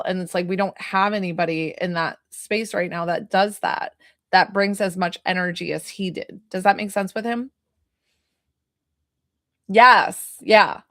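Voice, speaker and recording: A woman's voice: lowish voice, a bit bright, no room sound, studio quality. A woman working as a psychic medium, giving a live reading in a chatty way full of "like" fillers. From New York.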